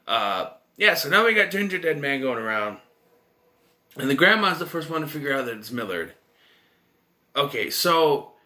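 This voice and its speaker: A young man rambles through a casual movie review with incredulous, rhetorical questions and many restarts. His pitch swoops widely as he talks. His tone is bright and keyed up.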